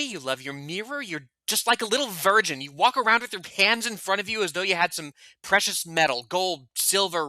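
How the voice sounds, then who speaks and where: A man's voice: fairly high pitch, bright, forceful tone, dry recording, full character voice. A man reading aloud the part of a wounded young Italian man, accusing his lover in an impassioned, bitter way.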